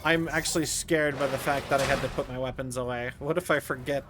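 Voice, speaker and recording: A man's voice: medium pitch, steady tone, fast talker, noisy background. A man streaming a video game, rambling and chatting with viewers and laughing a lot. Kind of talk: casual gameplay commentary.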